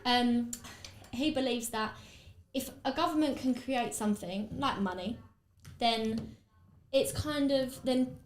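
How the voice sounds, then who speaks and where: A woman's voice: a little high, slow, roomy sound, slight background noise, poor audio. A woman with an Essex accent hosting a podcast, chatting casually and rambling with lots of fillers while she does her makeup. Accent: Essex English. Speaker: podcast host.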